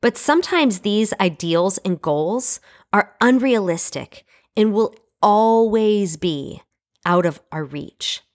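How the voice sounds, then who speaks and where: A woman's voice: medium pitch, lively intonation, takes it slowly. A young adult woman teaching from the Bible in a casual, earnest, conversational way, with frequent fillers.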